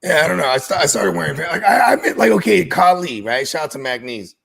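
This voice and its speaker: A man with a slightly high, a bit bright voice and vocal fry chats casually with a friend, sounding very animated and fairly quick. He appears as a guest friend and is laid back, using slang, many fillers and restarts, and lots of "you know what I mean."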